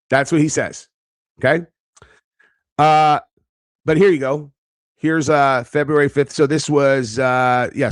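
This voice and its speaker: A man's voice: a little high, no echo, clean studio sound. A man giving casual reaction commentary, brash and profane, boastful, talking in bursts with frequent fillers. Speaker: online commentator.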